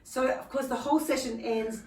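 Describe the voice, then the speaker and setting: A middle-aged woman pastor telling a story in casual chat, animated and laughing, acting out quotes. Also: high-pitched, a little fast, far from the mic, slight background noise. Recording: echoey room, voice a little off-mic.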